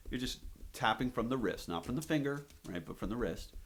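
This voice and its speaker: A man's mid-range, expressive voice comes through fairly quickly as he demonstrates drum stick strokes, practical and conversational. Counting beats out loud, he checks in with "right?" again and again. The sound is roomy with a little hiss or hum, and drums and clicks play behind him.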